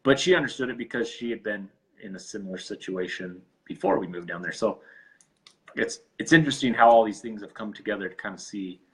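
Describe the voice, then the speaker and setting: A man joining his wife's talk as a guest, speaking in a loose, halting, casual way. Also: fairly low pitch, rough recording. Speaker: guest, her husband. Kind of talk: casual chat.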